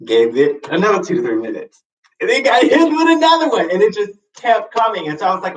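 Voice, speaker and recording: A man hosting a live show, telling a personal story in a casual, expressive way with sassy asides and sudden high swoops for emphasis. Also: fairly quick. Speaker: host. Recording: roomy, slightly distant mic.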